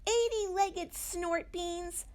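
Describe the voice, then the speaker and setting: A woman voicing an excitable young boy owl chick with high-pitched, squealing protests. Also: extremely slow, full character voice. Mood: excited.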